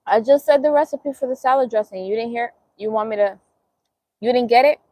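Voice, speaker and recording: A woman's voice: fairly high pitch, a little fast, warm tone, dry recording. A woman with a Bronx New York accent chatting casually on a live stream while eating, answering viewers' comments and laughing easily. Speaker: vegan cooking channel host.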